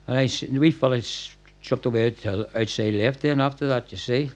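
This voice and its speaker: A man's voice: medium pitch, brisk. An older man with a Northern Irish accent, telling rambling football stories to a packed room at a live podcast. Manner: rambling anecdotes with stumbles and laughs. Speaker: guest, former football manager. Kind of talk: storytelling at a live podcast event.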